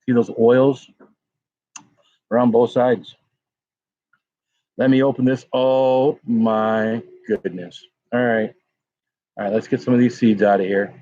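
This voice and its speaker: A man's voice: medium pitch, little pitch movement, slow pace, long pauses, warm tone, no room sound. A man hosting a casual pepper-tasting livestream, rambling and greeting viewers in chat by name. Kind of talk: casual live-stream chat. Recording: dull lo-fi sound.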